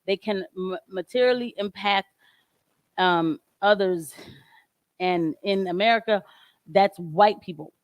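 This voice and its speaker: A woman's voice: mid-range voice, unhurried, pauses often, dry recording. A woman doing casual, emphatic livestream commentary on a home microphone, talking animatedly and laughing often. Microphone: home microphone with audio trouble.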